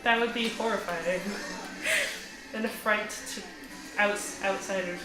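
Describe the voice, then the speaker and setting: A young woman from Canada chatting casually while gaming, wry and quick to laugh. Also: medium pitch, steady tone. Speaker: co-host. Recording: echoey room. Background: game music.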